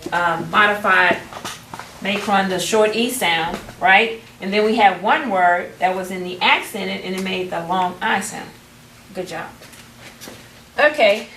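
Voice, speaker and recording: A woman's voice: medium pitch, bright, forceful tone. Woman teaching, distant in a roomy class. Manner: patient, prompting students, restarting phrases. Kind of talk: classroom phonics lesson. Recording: roomy, distant, faint background noise.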